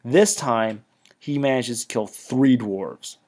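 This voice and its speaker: A man's voice: mid-range voice, slow, darkish tone. Chatty man recapping a tabletop battle. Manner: chatty, with stop-start bursts and trailing asides. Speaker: tabletop wargame battle reporter. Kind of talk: casual battle report recap.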